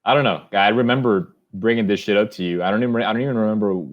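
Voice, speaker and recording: A man's voice: on the low side, fast talker, dull audio. A young man co-hosting a podcast, talking casually with rambling restarts and easy swearing. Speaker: podcast co-host.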